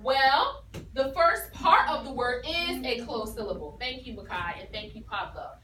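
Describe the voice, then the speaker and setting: A woman's voice: on the high side, expressive, normal speed, a bit bright. A woman teacher giving a phonics lesson to a class, explaining patiently and encouragingly. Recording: echoey room from far off with noise.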